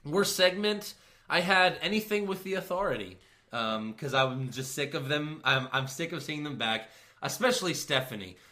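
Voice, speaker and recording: Male podcast co-host, very bright, sharp tone, laid-back, chuckling, lots of ums. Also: fairly high pitch, expressive, moderate pace. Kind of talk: casual wrestling recap chat.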